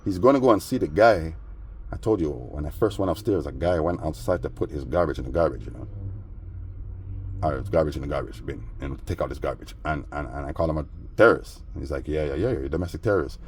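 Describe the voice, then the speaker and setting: A man's voice: very deep voice, fairly quick, a little hiss or hum. A man vlogging casually, rambling through a story in slangy talk with constant asides. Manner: rambling, slangy, with frequent "you know what I mean".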